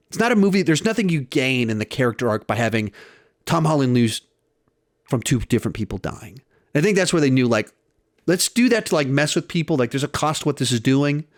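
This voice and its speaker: A man's voice: medium pitch, dry recording, clean studio sound. A young man giving a casual spoken film review, retelling scenes and acting out quoted lines.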